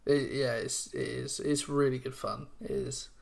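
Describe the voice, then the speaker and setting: A man's voice: mid-range voice, fairly even intonation, vocal fry, darkish tone. Chatty young man, casual podcast. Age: 20s. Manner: chatty, rambling, reads aloud haltingly. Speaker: podcast co-host. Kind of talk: casual chat.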